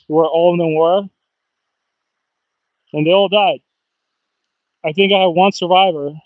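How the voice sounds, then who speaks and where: A man chatting casually on a fishing livestream outdoors, excitable and talkative, often bursting into whoops and laughs. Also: on the high side, dry recording, dull audio. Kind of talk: casual live-stream chat. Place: outdoors by the water.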